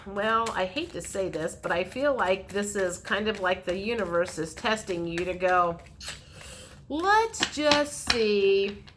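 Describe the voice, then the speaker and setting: A woman's voice: on the low side, normal speed, hardly any pauses, fairly bright tone, a little hiss or hum. A woman giving a frank, chatty tarot reading, speaking straight to the viewer. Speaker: tarot reader. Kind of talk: casual tarot reading to camera.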